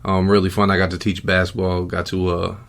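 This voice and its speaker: A middle-aged man hosting a podcast in casual chat, relaxed and rambling with lots of fillers. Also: low-pitched, brisk, creaky. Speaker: podcast host.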